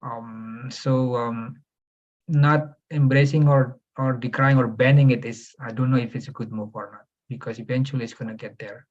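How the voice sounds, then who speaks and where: A man's voice: medium pitch, fairly even intonation, moderate pace, a little mellow, highs cut off. A man with an Indonesian accent, speaking as a faculty panelist and searching hesitantly for his words. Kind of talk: academic panel discussion.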